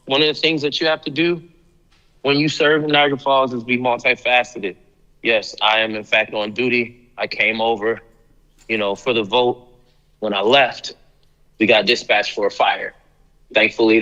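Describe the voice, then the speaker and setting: A man's voice: fairly low pitch, a bit bright, big-room sound, dull audio. Breathless man addressing a board meeting. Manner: earnest, halting with fillers. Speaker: school board member. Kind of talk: public meeting remarks.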